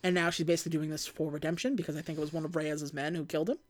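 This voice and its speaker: A woman's voice: sits low, flat delivery, very fast. A woman co-hosting a casual podcast, recapping a movie and acting out its lines in mock voices. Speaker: podcast co-host.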